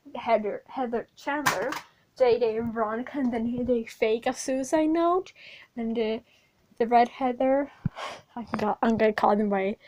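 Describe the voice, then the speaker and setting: A woman's voice: on the high side, darkish tone, a little hiss or hum, low-quality recording. A woman rambling through an informal plot recap for a speedpaint video, swearing now and then and using many fillers. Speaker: video creator.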